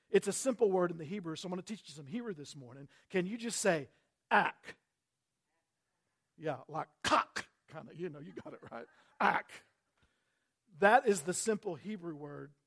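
A pastor with a notably high voice delivers a sermon with dynamic swings. He rises to loud, emphatic peaks and sinks to quiet, intimate phrases. He talks straight to his listeners and repeats key words for weight.

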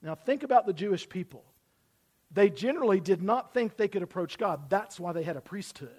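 High-voiced male pastor preaching. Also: animated, fairly quick, slightly rough. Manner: preaching with sudden loud emphasis and drops to near-whisper; asks the congregation to repeat phrases. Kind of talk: sermon. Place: church building.

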